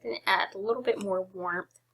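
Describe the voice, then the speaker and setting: A young woman hosts a casual software tutorial in a bright, clear voice. She stays chatty and giggly and pokes fun at herself between steps. She sounds slightly out of breath. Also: mid-range voice, fairly quick. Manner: chatty, giggly, self-deprecating asides. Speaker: photography tutorial host.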